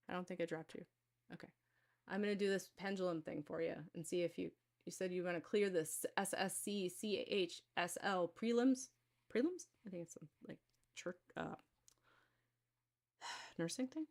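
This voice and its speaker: A woman's voice: lowish voice, creaky, a little mellow. Chatty woman hosting a live card reading. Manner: rambling, chatty, with many fillers and restarts. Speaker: intuitive card reader hosting a live stream. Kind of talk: casual live-stream chat with viewers.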